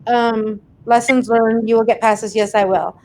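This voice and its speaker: A woman's voice: fairly high pitch, steady tone, moderate pace, a little mellow, slight background noise. A woman hosting a casual livestream, chatting and laughing as she reads out viewers' comments and thanks them by name. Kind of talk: casual live chat.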